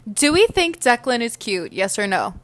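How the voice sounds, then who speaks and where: A woman's voice: fairly high pitch, sing-song, normal speed, fairly bright tone. A young adult woman co-hosting a podcast in casual chat, dropping dry, teasing quips. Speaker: podcast co-host.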